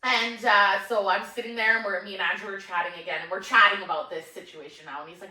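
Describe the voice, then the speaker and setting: A woman's voice: mid-range voice, fairly even intonation, fast, few pauses, bright, forceful tone. A woman co-hosting a podcast, telling a story in casual chat and laughing often as she talks. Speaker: podcast co-host. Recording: echoey room, mic at a distance.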